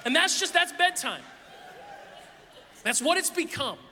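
Pastor guy in his 30s, high bright voice, joking sermon, big echoey hall. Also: measured pace, slight background noise. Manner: animated, self-deprecating storytelling with laughs. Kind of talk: sermon with personal stories. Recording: long reverb of a large hall.

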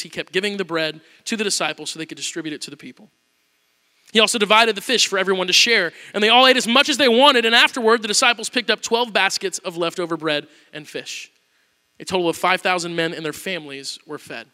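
A male pastor preaching a sermon, telling the story with animated storytelling and acting out the quotes. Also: high voice, long reverb tail.

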